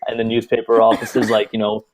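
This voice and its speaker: Low-voiced young man, easygoing chat. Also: brisk, crowd noise. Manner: relaxed, filler-heavy storytelling. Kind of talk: casual chat.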